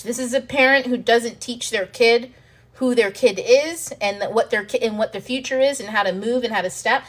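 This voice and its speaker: A woman hosting a self-help video, explaining ideas in a frank, animated way, swearing freely and acting out panicked inner voices. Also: mid-range voice. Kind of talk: casual teaching monologue to camera.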